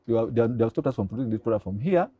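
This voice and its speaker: Animated fast-talking older Ugandan man. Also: mid-range voice, husky, phone-quality sound. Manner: excitable, acts out dialogue in his stories. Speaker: guest, pharmacy professor. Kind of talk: animated storytelling.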